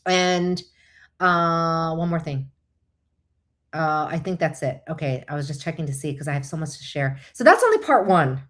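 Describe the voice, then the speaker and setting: A woman's voice: deep voice, moderate pace. Chatty woman counselor hosting a live talk. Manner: animated, chatty, explaining with asides. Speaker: host, licensed counselor.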